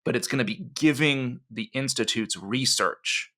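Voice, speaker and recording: Bright-voiced male history podcaster. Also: mid-range voice, measured pace. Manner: animated storytelling with frequent "you know" asides. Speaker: podcast co-host.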